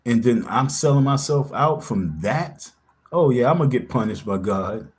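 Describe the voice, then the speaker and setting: A man's voice: medium pitch, animated, moderate pace. A man hosting a casual livestream, talking in an insistent, confrontational way and repeating himself for emphasis. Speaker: livestream host.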